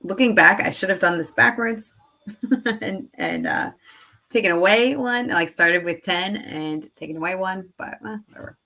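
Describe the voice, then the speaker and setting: A woman's voice: mid-range voice, sing-song, unhurried, pushed and bright. A woman in her thirties chatting casually and rambling with laughs while making a craft design on screen. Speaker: craft video creator. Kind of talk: casual screen-recording chat.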